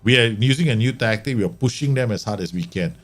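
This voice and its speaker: A man's voice: mid-range voice, lively intonation, quick pace, soft background music. A man streaming a football management game, talking through the match and exclaiming and grumbling at his team. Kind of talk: live gameplay commentary.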